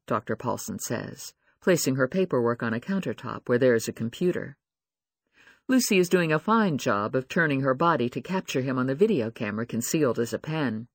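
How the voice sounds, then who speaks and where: Man narrating an audiobook, lively pitch, dry close sound. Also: brisk, no room sound. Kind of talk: scripted narration.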